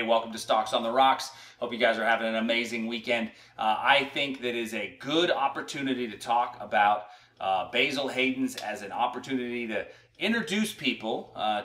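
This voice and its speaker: A man's voice: medium pitch, bright, forceful tone, reverberant. A man hosting an online show, talking in a casual, rambling way with frequent restarts. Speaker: host. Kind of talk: casual chat.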